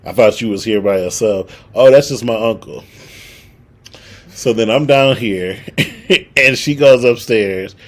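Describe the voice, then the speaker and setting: A man's voice: mid-range voice, measured pace, long pauses. Young man telling a wild story. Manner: animated storyteller, acts out quotes. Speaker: podcast co-host. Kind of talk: casual storytelling chat.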